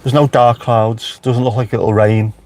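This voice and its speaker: A man's voice: medium pitch, steady tone, a little slow, darkish tone. A man with a Liverpool accent, chatting casually on a live stream from inside his car with wry asides to viewers. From Merseyside, England. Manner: chatty, wry, talks back to live chat.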